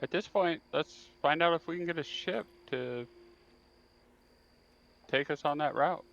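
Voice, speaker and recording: A man's voice: on the high side, measured pace, a bit bright, lo-fi sound. A man playing in a tabletop role-playing game online, thinking aloud and laying out plans persuasively. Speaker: player. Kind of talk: tabletop role-play discussion.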